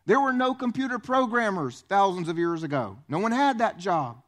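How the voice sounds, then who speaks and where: High-voiced man preaching a lively sermon. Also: normal speed. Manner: animated preaching, acts out quoted voices. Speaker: pastor.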